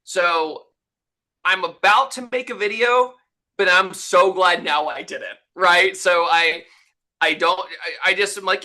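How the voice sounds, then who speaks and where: Podcast guest, man, bright and lively storyteller, slightly high voice. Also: slow, low-quality recording. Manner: animated, acts out quotes in his story.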